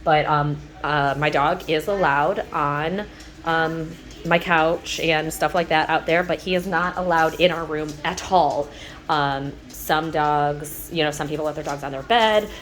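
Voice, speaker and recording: A woman in her thirties, chatting casually at home as she walks between rooms and shows how she trains her dogs, with loose fillers and restarts and sweet high baby talk for the dogs. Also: steady tone, unhurried, a bit bright. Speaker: dog trainer. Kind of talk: casual instructional vlog.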